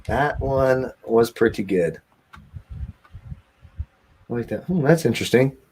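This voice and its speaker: A man's voice: mid-range voice, measured pace, darkish tone, breathy edge. A man co-hosting a live sports betting show, joking, swearing and poking fun at himself in casual chat. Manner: joking, swears, self-mocking.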